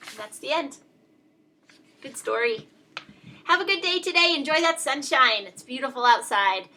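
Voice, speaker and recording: A woman reads a children's picture book aloud in an expressive storytelling style. Her voice is bright and slightly high. Her pitch rises and falls in wide, lively swings. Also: moderate pace, a little hiss or hum.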